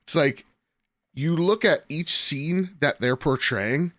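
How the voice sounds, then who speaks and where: A young man co-hosting a casual podcast, talking in an animated, rambling way and laughing often. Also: a little high, slow, dry recording, clean studio sound. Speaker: podcast co-host.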